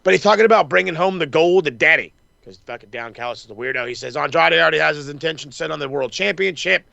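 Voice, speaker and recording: A man's voice: fairly high pitch, fast talker, gravelly, dry recording, dull audio. A man hosting a casual wrestling recap chat, swearing freely and acting out what people said. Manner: profane, excitable, acts out quotes. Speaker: wrestling podcast host.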